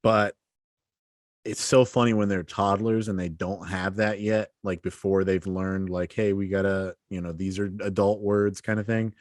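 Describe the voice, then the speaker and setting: A man in his thirties co-hosting a podcast, joking and swearing in relaxed chat. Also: low-pitched, normal speed, dry recording, clean studio sound. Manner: profane, joking. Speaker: podcast co-host. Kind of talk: casual chat.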